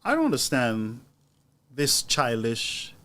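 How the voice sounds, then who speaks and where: A man's voice: medium pitch, huge pitch swings, takes it slowly, sharp tone. A man delivering indignant, mocking political commentary as a news show host.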